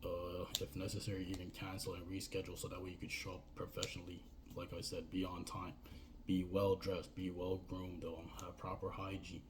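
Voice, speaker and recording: Deep, flat-voiced man giving business tips. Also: slight background noise. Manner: rambling, repeats "right?" and "you know". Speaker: business coach. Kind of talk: casual advice monologue.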